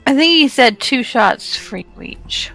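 A woman's voice: high-pitched, animated, a little slow, bright, forceful tone, faint music behind. Giggly woman chiming in. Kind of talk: casual live-stream chat.

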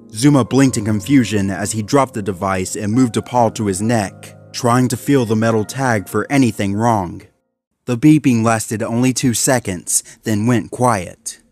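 Steady male story narrator, soft music. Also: lowish voice. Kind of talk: storytelling reading.

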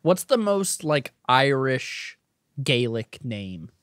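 A young man co-hosting a podcast in casual chat, goofy and excitable, laughing a lot. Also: mid-range voice, takes it slowly. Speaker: podcast co-host.

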